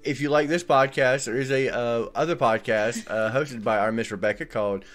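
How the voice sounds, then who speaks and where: A man with a Southern US accent hosting a casual podcast chat, relaxed and chatty with fillers. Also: medium pitch, normal speed, soft background music. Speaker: podcast host.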